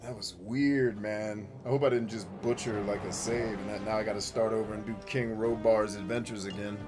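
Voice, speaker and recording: A man hosting casual gameplay commentary, joking crudely and yelling at characters on screen. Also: fairly low pitch, fairly even intonation, fairly quick, over music. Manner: crude, goofy joking, shouting at the game. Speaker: gaming channel host.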